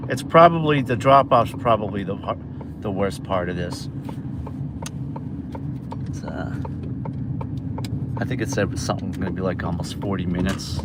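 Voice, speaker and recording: A man's voice: medium pitch, background noise. A man from New York livestreaming as a delivery driver, chatting loosely with viewers from his car and a store on a phone camera. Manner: chatty, rambling, talks to chat viewers. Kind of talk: casual livestream chat.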